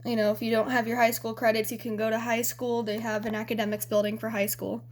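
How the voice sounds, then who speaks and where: A young woman with a fairly high voice tells a story to camera in a loose, chatty vlog. She giggles often and swears without a second thought. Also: flat delivery, fast. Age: young adult. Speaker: vlogger.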